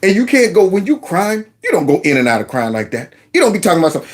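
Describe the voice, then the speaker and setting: Animated, sarcastic male commentary host. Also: high voice, very fast. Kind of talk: mocking video commentary.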